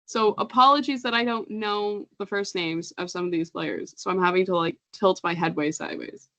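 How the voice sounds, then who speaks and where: A woman's voice: mid-range voice, moderate pace, pushed and bright, highs cut off. A woman co-hosting a casual podcast, chatty and laughing often, stumbling over names as she reads them out. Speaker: podcast co-host. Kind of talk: casual chat.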